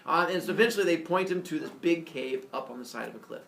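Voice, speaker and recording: A man casually retelling a myth as a comedy story, animated, with jokey asides and lots of fillers. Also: a little high, fast, vocal fry. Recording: echoey room, mic far off.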